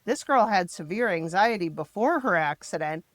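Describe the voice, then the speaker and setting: A middle-aged mother from the American Midwest telling her family's story in an interview, emphatic and frank, turning animated when she quotes others. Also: fairly low pitch, moderate pace, dry recording. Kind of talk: personal storytelling in a podcast interview.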